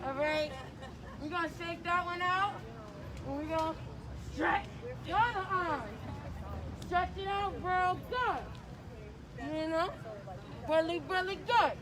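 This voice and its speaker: A woman's voice: very high-pitched, slow pace, pauses often. A woman leading a crowd through stretches at an outdoor rally, joking and chatty as she calls out moves. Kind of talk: playful outdoor crowd instruction.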